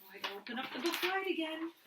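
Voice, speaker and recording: A woman teacher at home, reading a picture book aloud to young children in a warm, encouraging way. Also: sits high, sing-song, very fast, background noise. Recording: roomy echo at home.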